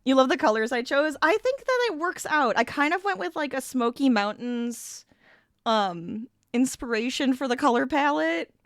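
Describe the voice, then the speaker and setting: A streamer whose voice sits high, fairly bright and expressive, talks at normal speed while working on a casual crafting livestream. She's chatty, reading chat aloud and laughing often, though her voice is slightly scratchy as she recovers from being sick. The sound is dry and close to the mic.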